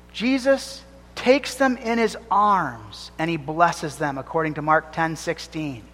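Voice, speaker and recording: A man's voice: high voice, a bit bright. A man preaching a sermon as pastor, fervent and emphatic, rising and falling as he drives points home. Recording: long reverb of a church hall.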